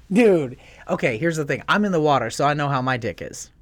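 Crude, animated guy on a dry mic. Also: a little high, moderate pace, dry recording. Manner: crude, profane storytelling with big animated swings. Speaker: podcast co-host. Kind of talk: casual chat.

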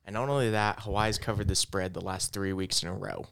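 A man's voice: on the low side, steady tone, brisk, creaky, fairly bright tone, clean tone, dry recording. A man hosting a casual sports betting podcast, recapping picks in short laid-back bursts. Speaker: podcast host.

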